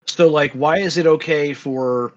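Emphatic male podcast co-host, slightly high voice, muffled lo-fi mic. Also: unhurried. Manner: emphatic, argumentative. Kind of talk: casual debate chat.

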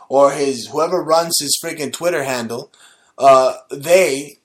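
A man's voice: medium pitch, a bit bright. A man hosting his own show, delivering a combative, profane, mocking rant. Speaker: show host. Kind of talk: ranting monologue.

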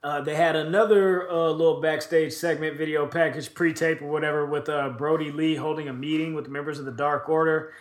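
A man on a casual podcast, running through a wrestling recap in a loose, profane ramble full of "uh" and "um". His voice sits a bit higher than most men's. The room around him is echoey. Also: level tone, brisk, hardly any pauses. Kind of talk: casual chat.

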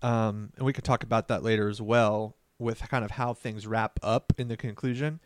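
A man hosting a casual film podcast. He talks in a chatty way and thinks aloud, restarting his sentences quickly. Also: on the low side, fairly even intonation, no room sound. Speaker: podcast host. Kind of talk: casual horror film discussion.

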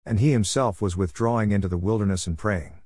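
Low-voiced man reading scripture, dry sound. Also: husky, no echo. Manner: steady, measured reading in short phrases. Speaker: scripture reader.

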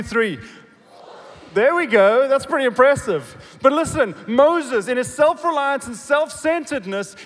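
A man preaching a sermon, swinging from loud emphatic bursts to quiet low asides and asking the congregation questions. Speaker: pastor. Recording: long reverb of a big hall.

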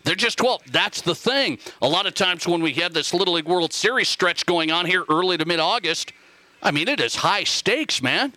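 Male sports talk host from Montana, higher voice, very bright and forceful, dry close studio sound, emphatic and repetitive. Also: expressive, normal speed, dry recording. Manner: emphatic, repeats phrases, reads listener texts aloud. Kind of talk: casual call-in radio talk.

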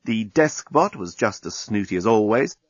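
A man's voice: lowish voice, animated, normal speed, no room sound. Wry male audiobook narrator.

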